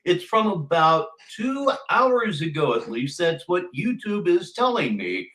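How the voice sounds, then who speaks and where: Wry older man, lively roomy voice. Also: sits high, unhurried. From Ohio, USA. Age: 60s. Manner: wry, sardonic, chatty. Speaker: commentary stream host. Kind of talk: casual livestream commentary. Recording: roomy echo.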